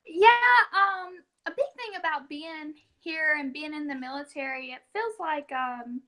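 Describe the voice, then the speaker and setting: A woman's voice: high voice, unhurried. A young woman with a Southern American accent, a podcast guest chatting casually and laughing often as she tells stories. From Southern United States. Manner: giggly, warm storytelling with frequent laughs. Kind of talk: casual chat.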